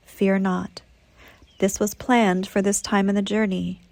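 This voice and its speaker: A woman voicing a group of calm, reassuring spirit beings in a soothing, measured way. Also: medium pitch, gravelly.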